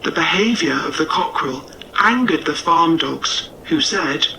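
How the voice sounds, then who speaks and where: A man narrating a storybook tale in a measured, gentle way. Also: fairly high pitch, lively intonation, creaky, recorded from a distance, slight background noise, poor audio.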